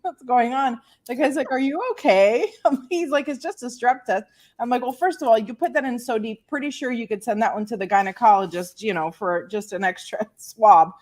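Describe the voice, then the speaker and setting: A woman in her forties, chatting on a podcast as a guest and telling a comic story with acted-out voices and laughter. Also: on the high side. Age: 40s. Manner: animated storyteller who acts out voices and laughs. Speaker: guest, women's empowerment coach.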